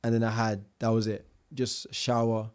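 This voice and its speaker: A young man, a guest telling his own life story in a casual interview, animated, with slang and restarts. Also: fairly low pitch, normal speed, clear, resonant tone.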